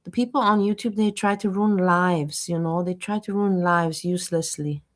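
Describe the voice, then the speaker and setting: A woman's voice: fairly low pitch, moderate pace. A woman chats casually as a host. She is emphatic and chimes in with her own stories. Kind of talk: casual chat.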